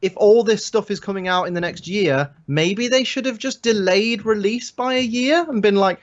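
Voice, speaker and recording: A man's voice: high-pitched, normal speed, hardly any pauses, lo-fi sound. A middle-aged man co-hosting a casual podcast, sardonic and profane. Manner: sardonic, swears, mock voices. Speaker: podcast co-host.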